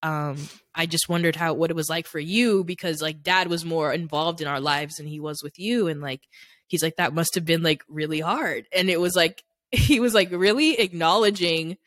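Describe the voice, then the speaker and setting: Deep-voiced and fairly bright at a moderate pace, a young adult woman co-hosting a podcast rambles through candid personal stories in casual chat, heavy on "like" fillers. The clean studio sound has no room sound.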